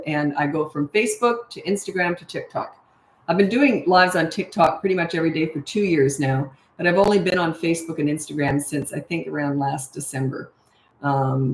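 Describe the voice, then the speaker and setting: A middle-aged woman with a lowish voice talks casually on a live stream as a parenting coach. She is chatty and blunt, laughs easily, and sounds like she is in an echoey room. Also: creaky, a little hiss or hum. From Canada. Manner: chatty, laughs often, blunt no-nonsense advice.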